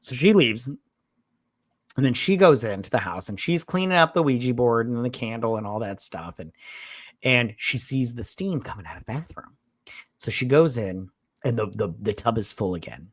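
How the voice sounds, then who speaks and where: A man's voice: medium pitch, animated, moderate pace, no echo. A man co-hosting a casual movie-review podcast, rambling, swearing, and acting out the scenes in voices. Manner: rambling, profane, acts out characters in voices. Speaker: podcast co-host. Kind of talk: casual drunk movie recap.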